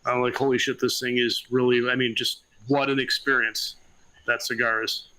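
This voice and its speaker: A man's voice: medium pitch, little pitch movement, moderate pace, pushed and bright, low-quality recording. A man co-hosting a casual talk show, blunt and easygoing, with some mild swearing. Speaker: podcast co-host. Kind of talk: casual chat.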